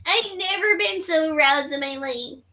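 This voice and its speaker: A woman's voice: high-pitched, moderate pace, bright, forceful tone. A woman hosting a casual watch-along chat, giggly and crude, with frequent laughter. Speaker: channel host.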